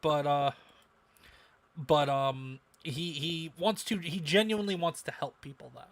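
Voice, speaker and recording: Excitable man co-hosting a podcast. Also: on the high side, unhurried, dry recording. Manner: animated, repeats phrases for emphasis. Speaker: podcast co-host. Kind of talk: casual livestream chat.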